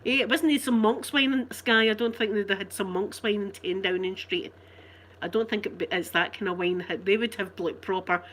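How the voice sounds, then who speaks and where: A woman's voice: medium pitch, moderate pace, a bit bright. A woman with a Glasgow accent chatting casually with her live viewers, rambling and laughing often. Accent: Scottish, Glasgow. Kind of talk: casual live-stream chat.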